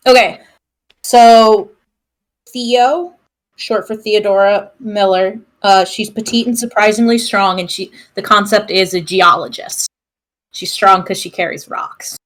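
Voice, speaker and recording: A woman with a mid-pitched voice describes her character to the group. She talks chattily, filling gaps with "like" and quick animated asides. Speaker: player. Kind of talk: casual character introduction.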